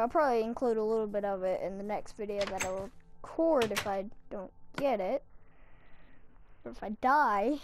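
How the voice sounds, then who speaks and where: A young woman with a medium-pitched, slightly mellow voice rambles through casual Minecraft commentary, mocking herself as she plays. She hosts a gaming channel, and the recording has a little hiss or hum.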